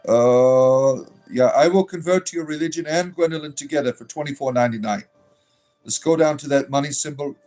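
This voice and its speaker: Over soft background music, a man with a fairly high, slightly mellow voice hosts a brisk, casual livestream as a druid bard. He reads chat, jokes around in response to messages, and hands out blessings to viewers.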